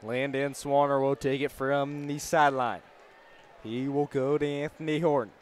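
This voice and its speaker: A man calling a high school basketball game play-by-play, passing the ball from name to name in a steady call that lifts when a shot goes up. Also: moderate pace. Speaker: play-by-play announcer. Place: school gym.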